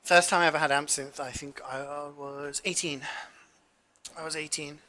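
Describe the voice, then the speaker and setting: Bright-voiced man chatting while cooking. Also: a little high, fairly even intonation, normal speed, slight background noise. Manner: rambling anecdotes with frequent fillers and swearing. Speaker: cooking streamer. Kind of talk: casual chat while cooking.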